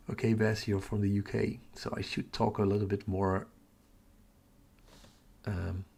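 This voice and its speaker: Dutch-accented male livestream host, slow-talking and gravelly, chatty, talks to himself between comments. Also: fairly low pitch, warm tone. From Netherlands. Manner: chatty, muttering to himself while tracking captures. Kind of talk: casual live-stream chat reading comments.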